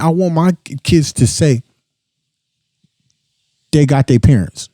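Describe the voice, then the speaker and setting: A man's voice: on the high side, takes it slowly, long pauses, mellow, no echo. A young adult man hosting a podcast, giving a blunt, profane, impassioned casual monologue. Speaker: podcast host.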